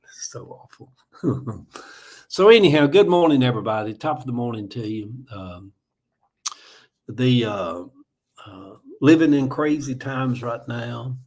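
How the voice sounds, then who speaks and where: A man's voice: medium pitch, darkish tone. A middle-aged man with a Southern accent from Georgia, chatting casually on a livestream, rambling in a folksy way and reading viewer comments aloud. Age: 40s or older. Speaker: livestream host.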